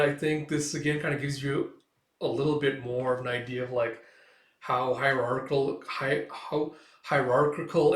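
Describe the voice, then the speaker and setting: A man's voice: medium pitch, fairly bright tone. A man casually reading through and commenting on a comic chapter, rambling with many fillers. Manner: rambling, filler-heavy, laughs often. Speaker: manga chapter reviewer. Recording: echoey room.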